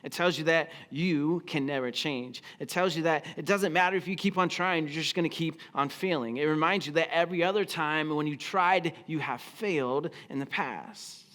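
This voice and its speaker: A man's voice: a little high, moderate pace, few pauses, a bit bright. A man preaching a sermon as pastor, telling the story expressively and acting out the quoted lines. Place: church auditorium.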